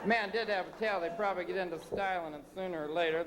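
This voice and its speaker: Brash high-voiced stand-up comedian, live. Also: male voice, fast talker, over a noisy crowd. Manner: brash, profane, heckler-scolding rants. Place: concert stage before a live audience. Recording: live concert recording with audience noise.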